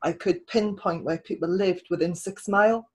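A woman's voice: lowish voice, normal speed, slight background noise, poor audio. A woman writer hosting a casual interview, talking in a chatty way with many restarts and repeated words. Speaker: podcast host and writer.

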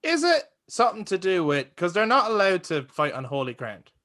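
A man with a bright, slightly high voice co-hosting a film podcast. He talks in an excitable, loose way, laughs a lot and drops the odd swear word. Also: fairly quick. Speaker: podcast co-host. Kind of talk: casual film chat.

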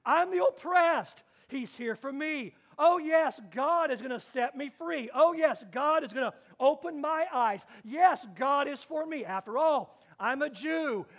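A man's voice: very high-pitched, lively intonation, takes it slowly, hardly any pauses, full character voice. A man voicing an elated male worshipper who cheers on a preacher with short, repeated joyful cries.

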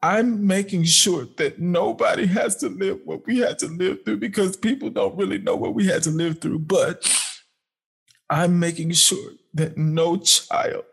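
Tearful man, somewhat high and husky, delivering a halting, heartfelt address to his younger self. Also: fairly bright tone. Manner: halting, heartfelt, with sighs and pauses. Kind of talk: emotional personal address.

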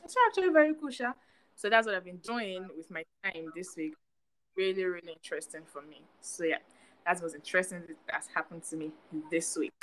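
A young adult woman from Nigeria with a Nigerian accent, co-hosting a casual chat podcast and talking in an animated way, full of fillers. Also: on the low side, a little fast, low-quality recording. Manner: animated, chatty, lots of fillers. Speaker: podcast co-host.

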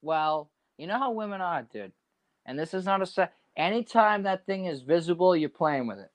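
A man's voice: high voice, lively intonation, moderate pace, no room sound. A man chatting casually, cracking crude jokes and calling people dude. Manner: wisecracking, calls people dude. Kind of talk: casual chat.

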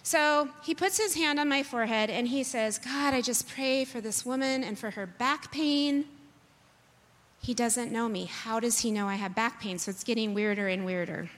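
A woman telling a personal testimony in an animated, self-deprecating storytelling manner. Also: a little high, normal speed. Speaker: speaker sharing a personal testimony. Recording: long hall reverb.

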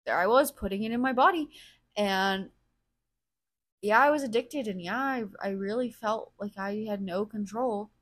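A podcast host delivers a candid solo monologue, blunt, profane and emotionally raw, thinking aloud as she openly reflects on her own feelings. Her mid-range voice is a bit bright and keeps a moderate pace.

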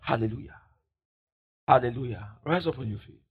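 A man preaching a fiery sermon at a church service, shouting declarations, then dropping to low murmurs and leading the congregation in call-and-response. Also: moderate pace, breathy edge. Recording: dull lo-fi recording.

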